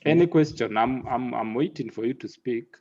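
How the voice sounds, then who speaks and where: Male lecturer, mid-pitched, halting delivery, muffled online audio. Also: mellow. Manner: halting, repeats words, mixes in Swahili.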